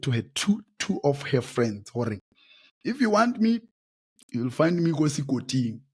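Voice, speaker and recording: A South African man in his late twenties tells his own story on a podcast. His voice is husky and slightly breathy at a middling pitch. He speaks in an animated way, repeats phrases and breaks into loud exclamations. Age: late 20s. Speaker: podcast host. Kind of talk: personal storytelling monologue.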